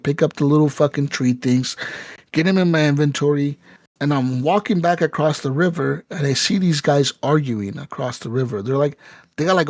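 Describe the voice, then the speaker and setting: A man's voice: fairly high pitch, no echo. A man co-hosting a casual podcast, telling game stories with lots of swearing and acting out the characters' lines. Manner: animated storytelling with profanity, acting out game characters. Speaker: podcast co-host.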